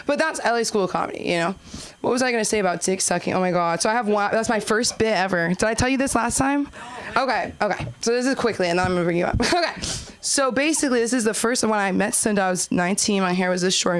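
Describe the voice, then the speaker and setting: A young woman hosting an open mic and doing a rambling, giggly stand-up set, full of restarts and filler. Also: mid-range voice. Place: comedy club stage.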